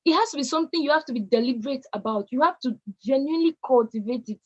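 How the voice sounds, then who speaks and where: Nigerian woman, bright high voice, emphatic motivational speaker rallying young people; dull lo-fi recording. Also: lively intonation, quick pace. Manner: emphatic, exhorting, repeats key words for stress. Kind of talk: motivational talk.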